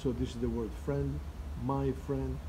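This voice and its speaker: A man's voice: mid-range voice, little pitch movement, measured pace, a crowd in the background, poor audio. A man teaching words and phrases in a loose, chatty way, full of fillers and restarts, who chuckles at his own examples. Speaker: language teacher. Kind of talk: casual vocabulary lesson.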